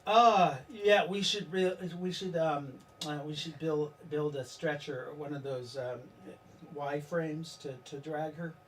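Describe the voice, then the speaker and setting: A man's voice: on the high side, fairly even intonation, fairly bright tone, distant mic, a little hiss or hum. Rambling man running a tabletop game. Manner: rambling, halting, laughs at own jokes. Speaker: game master.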